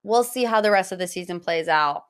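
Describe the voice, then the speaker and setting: A woman's voice: lowish voice, fairly quick, clean tone. A woman hosting a podcast, giving a chatty, gossipy recap full of personal asides. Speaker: podcast host. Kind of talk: casual pop-culture recap.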